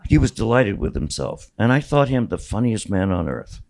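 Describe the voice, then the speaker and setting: Gravelly-voiced older man reading his memoir. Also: lowish voice, sing-song, normal speed, a little mellow, poor audio. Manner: storytelling, wry, with small restarts. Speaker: author. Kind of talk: memoir reading at a bookstore event.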